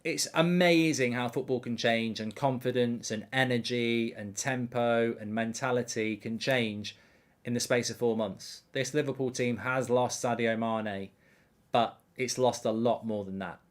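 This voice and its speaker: A man's voice: mid-range voice, unhurried. A man hosting a live football watchalong, chatting casually and reading out viewer comments. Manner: animated, reading viewer comments, frequent fillers. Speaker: host.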